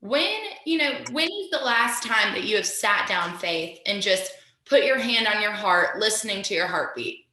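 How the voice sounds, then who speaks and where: A woman's voice: medium pitch, expressive, moderate pace, sharp tone, reverberant, slight background noise. A woman teacher leading a guided mindfulness lesson over a video call, upbeat and encouraging as she talks straight to her students.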